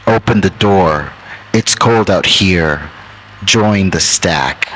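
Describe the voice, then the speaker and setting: A man voicing a monster that mimics a small girl's voice, speaking in a soft, pleading way. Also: deep voice, slow, soft background music, full character voice, low-quality recording. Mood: coaxing.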